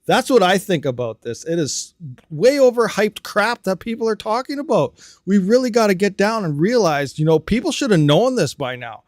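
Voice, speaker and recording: A man hosting a casual livestream, ranting about hardware and reading out viewer comments, animated and quick to get riled up. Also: high-pitched, dry recording, studio quality. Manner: animated, ranting, talks fast then trails off quietly. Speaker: crypto mining livestream host.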